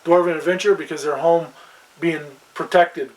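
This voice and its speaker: Co-host: man, voice a bit higher than average, agreeable sidekick energy. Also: steady tone, moderate pace, poor audio. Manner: agreeable, with frequent short backchannels. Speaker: podcast co-host. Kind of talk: casual chat about fantasy games.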